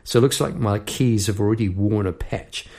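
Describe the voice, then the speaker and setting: A man's voice: on the low side, normal speed, a little mellow. A middle-aged man, a songwriter hosting his own show, chatting casually and jokily from his piano, wandering off on tangents with frequent laughs. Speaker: songwriter and podcast host. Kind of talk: rambling casual monologue. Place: home room at a piano.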